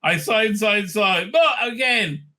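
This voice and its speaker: A man with a high-pitched voice reads aloud and stops often to mock what he reads. His tone is bright and forward, and he is sarcastic and full of fillers. It sounds like a casual home vlog. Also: expressive, takes it slowly. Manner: sarcastic, scornful asides, many fillers. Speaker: vlogger commenting on TV news. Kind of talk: casual reading and mocking commentary. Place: home with a dog nearby.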